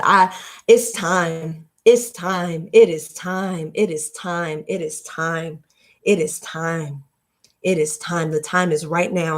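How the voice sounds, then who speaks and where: A woman in her late twenties talks to her live-stream viewers in a low-pitched voice. She hammers her points home through repetition, like a preacher, then eases into a quieter, emotional tone. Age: late 20s. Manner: emphatic and repetitive, preaching-like, turning soft and emotional. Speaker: livestream host. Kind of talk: heartfelt motivational talk on a live stream.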